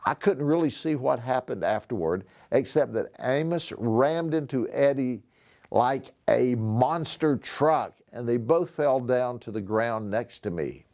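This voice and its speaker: A man's voice: mid-range voice, unhurried. A sheriff, a man, reading a novel aloud expressively to schoolchildren. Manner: expressive storytelling.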